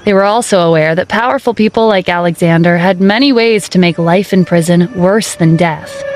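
A woman reading a dramatic story aloud as narrator, in a steady storytelling manner. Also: on the low side, moderate pace, faint music behind. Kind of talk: scripted narration.

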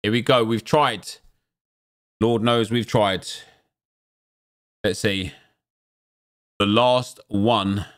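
A man hosting a gaming channel, chatting casually and breaking into excited exclamations as he comments on opening game packs. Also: fairly low pitch, drawn-out words, pauses often.

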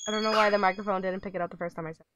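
A woman's voice: mid-range voice, fairly even intonation, very fast, muffled recording, background noise. A woman streaming a pet video game, coaxing her virtual dog with giggly, chatty commentary. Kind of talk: casual game livestream commentary.

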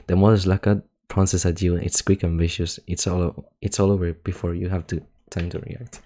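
A man's voice: deep voice, level tone, normal speed, background noise. A young man casually reading game text aloud, stumbling and restarting, often laughing and swearing between lines.

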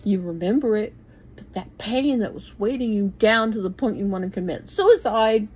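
A woman's voice: mid-range voice, expressive, normal speed, a little mellow, husky, low-quality recording. A woman in her sixties giving an informal, plainspoken Bible talk, blunt and with the odd swear word. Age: 60s. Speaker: bible teacher.

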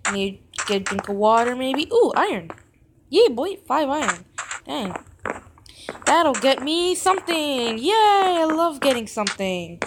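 A woman hosting a gaming video, rambling in character with giggly, self-mocking commentary as she plays. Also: a little high. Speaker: gaming channel host. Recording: steady background noise.

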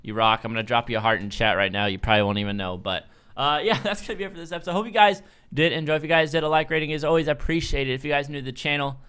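A young man giving casual, excitable gameplay commentary as a gaming YouTuber, joking and laughing often. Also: a little high, very fast, hardly any pauses, clean tone. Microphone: desk microphone.

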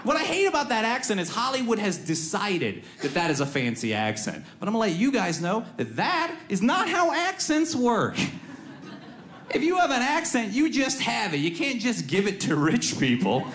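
Sarcastic comic with a lively voice. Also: male voice, high voice, moderate pace, a little hiss or hum. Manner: sarcastic, mocking impressions. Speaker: stand-up comedian. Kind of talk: stand-up set.

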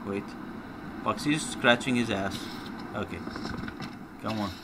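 A man's voice: on the low side, slow, background noise. A man commentating a video game playthrough, given to frustrated outbursts and swearing. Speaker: gamer. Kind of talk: let's play commentary.

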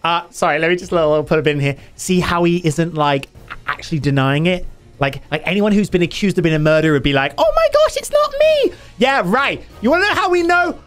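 A cheeky man in a comedic Minecraft roleplay, mocking and theatrical. His pitch leaps all over the place. Faint music plays behind him. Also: fast. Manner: cheeky, mocking, theatrical, shouting when excited. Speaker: roleplay player character.

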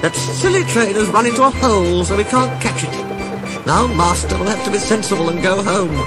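A man's voice: high-pitched, moderate pace, loud music behind the voice, voice pushed up, lightly acted. A man voicing a grumpy old female motor car who grumbles and complains. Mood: grumbling.

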